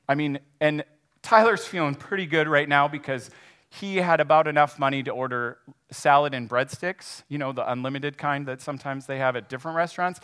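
A man preaching a sermon, retelling a parable in a lively, animated way. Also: fairly high pitch, clean tone. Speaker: pastor. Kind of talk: sermon storytelling.

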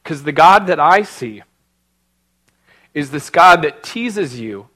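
Middle-aged male pastor, bright forceful voice, earnest and emotional storyteller. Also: a little high. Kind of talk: sermon with personal story and prayer.

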